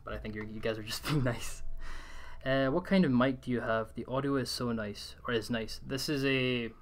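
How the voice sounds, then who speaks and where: A man's voice: medium pitch, normal speed. A young man from Scotland with a mild Scottish accent that leans English, live-streaming a game from a hot room at home into a desk condenser mic. He sounds tired and rambles, answering chat with frequent restarts. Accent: mild Scottish, mostly English-leaning. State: tired from the heat. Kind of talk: casual live-stream chat while gaming. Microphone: desk USB condenser mic.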